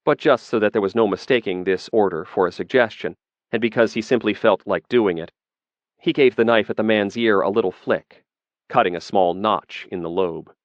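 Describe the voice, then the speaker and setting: A man narrating a fantasy audiobook in a measured, steady reading. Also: fairly low pitch, no room sound, muffled recording.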